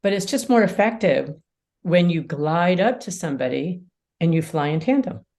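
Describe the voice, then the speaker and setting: A woman mediator and lawyer, a podcast guest, explaining ideas in an animated way and acting out quotes. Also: lowish voice, moderate pace. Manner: animated storyteller, acts out quotes. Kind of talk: casual conversation.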